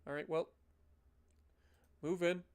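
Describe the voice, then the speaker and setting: A man giving casual, animated live commentary as he plays a strategy game, ranting now and then in mock outrage. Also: fairly high pitch, takes it slowly, clear, resonant tone. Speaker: gaming streamer.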